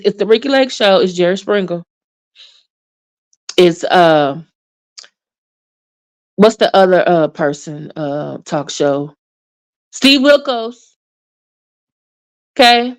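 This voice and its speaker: A woman giving casual, sassy commentary on online drama, acting out what others said and sighing in disbelief. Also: medium pitch. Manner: sassy, animated, acts out quotes with sighs. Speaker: YouTube commentator.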